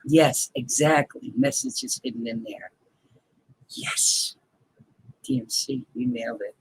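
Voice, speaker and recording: A man's voice: medium pitch, steady tone, measured pace, breathy edge, rough recording. A man hosting a casual live stream, chatting playfully with viewers, greeting them by name and laughing often.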